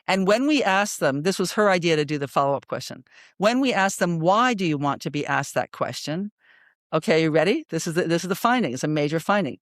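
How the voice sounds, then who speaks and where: A woman in her sixties, a psychologist guest in an interview, telling stories in an animated, emphatic way and often checking in with "right?". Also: fairly low pitch, brisk, no echo, clean studio sound. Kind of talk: storytelling in a conversational interview.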